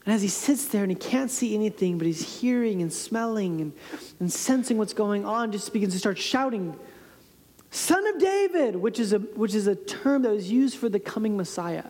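A woman preacher telling a scripture story in a sermon, with dramatic shifts between loud and hushed delivery. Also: medium pitch, fairly quick. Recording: long reverb in a large hall.

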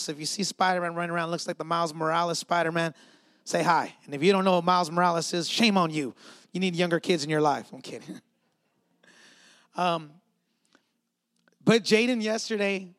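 A pastor in his thirties with a strikingly high voice delivers a sermon in a loose, conversational way, tossing asides to the congregation. The sound is dry and close. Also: a bit bright, no echo. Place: church.

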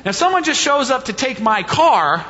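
High-voiced preacher in a reverberant hall. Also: male voice, very animated, moderate pace, sharp tone. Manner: conversational, with rhetorical questions and emphatic repeats. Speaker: pastor. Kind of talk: sermon. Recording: reverberant hall, dull lo-fi sound.

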